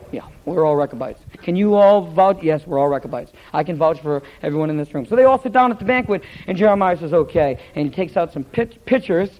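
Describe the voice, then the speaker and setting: A male pastor preaching a sermon, retelling scripture in a lively storytelling way and stumbling over hard names. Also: sits high, lo-fi sound.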